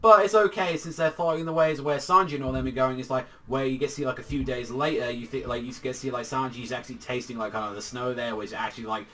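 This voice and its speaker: A man's voice: medium pitch, fairly even intonation, fast, hardly any pauses, bright, forceful tone. Young male manga reviewer, casual and profane, lots of "like", mic a bit far off. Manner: loose and profane, heavy on filler "like".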